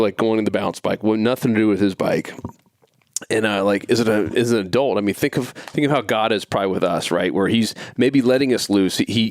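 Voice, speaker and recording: A man with a lowish voice talks through a long story on his faith podcast, looping back and restarting his sentences as he goes. His voice is close and dry, with no room sound. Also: a little mellow, no room sound. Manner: rambling, many restarts and fillers. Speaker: podcast host.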